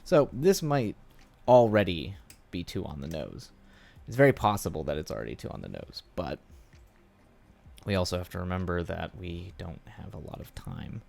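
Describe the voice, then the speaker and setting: A man's voice: low voice, big pitch swings, moderate pace, gravelly, a little mellow. A man streaming live, thinking aloud and musing with rambling asides while he writes a script. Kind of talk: casual live-stream writing session.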